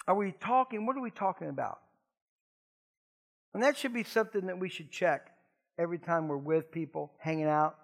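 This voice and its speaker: A middle-aged man preaching a conversational sermon in a folksy, joking way with animated asides. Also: a little high. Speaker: pastor.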